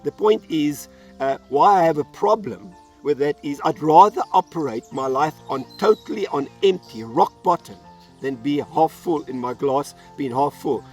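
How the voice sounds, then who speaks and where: A man's voice: fairly high pitch, animated, moderate pace, recorded from a distance, faint music behind. A man pastor delivering an earnest sermon, telling a Bible story and acting out its voices. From South Africa.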